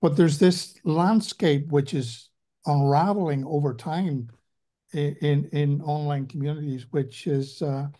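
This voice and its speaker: A man's voice: on the high side, steady tone, unhurried, mellow. A man with an Ulster Scots accent, a participant on a video call, speaking in a hesitant, reflective way.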